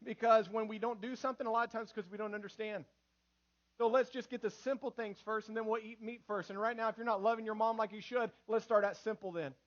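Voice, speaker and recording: High-voiced man preaching a sermon. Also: steady tone, quick pace, muffled recording. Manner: emphatic preaching with repetitions and swings from loud to hushed. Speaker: pastor. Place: church sanctuary.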